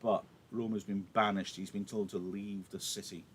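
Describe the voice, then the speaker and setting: A man's voice: lowish voice, level tone, moderate pace, slight background noise. A male teacher giving a live lesson, explaining a play in a chatty way with self-mocking jokes.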